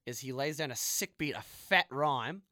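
A man's voice: medium pitch, normal speed, pushed and bright, dry recording, clean studio sound. A man with an Australian accent in a laid-back, rambling way in an improvised comedy sketch.

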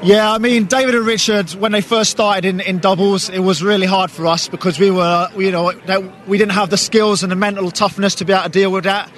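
A man's voice: high voice, steady tone, a little fast, few pauses, a bit bright, a little hiss or hum. A man, an Olympic canoeist, giving a rambling, disbelieving interview outdoors at a whitewater course. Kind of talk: post-race interview.

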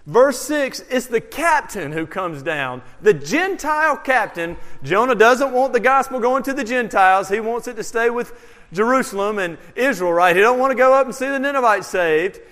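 A man with a high voice preaches a verse-by-verse sermon. He leans on rhetorical questions and moves between raised exclamations and hushed, slow remarks. His voice rings out with a long echo in a large hall. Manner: animated, rhetorical questions, swings from loud to hushed. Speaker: pastor. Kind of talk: expository sermon.

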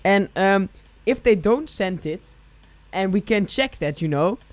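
A man's voice: high voice, lively intonation, measured pace. A young man, co-hosting a casual podcast, joking and rambling as he talks. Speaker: podcast co-host. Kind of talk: casual chat.

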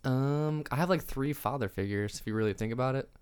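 Guy hosting a podcast, relaxed chat, smooth clear voice. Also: mid-range voice, fairly quick. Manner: relaxed, open. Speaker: podcast host. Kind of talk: casual chat.

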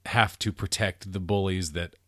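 A podcast co-host with a fairly low voice chats casually about a movie at a normal pace, dissecting scenes in a talkative, analytical way and laughing easily. The recording is close and dry, with no room sound at all.

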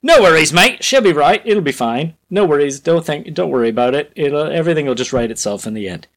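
A man's voice: fairly high pitch, expressive, fairly quick, a bit bright. A man voicing a laid-back, self-serving Australian vampire in a put-on Australian accent, breezy and slangy. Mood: easygoing.

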